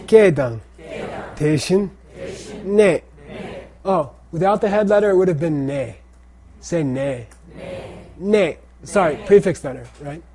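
A man's voice: high-pitched, mellow. A man teaching a language class, drilling pronunciation by saying words and having students repeat them.

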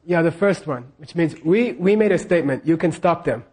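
A man's voice: fairly high pitch, animated, brisk, darkish tone, slightly rough. A man teaching a class on scripture, leading the students in repeating lines and checking in with them again and again. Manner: leads call-and-response repetition.

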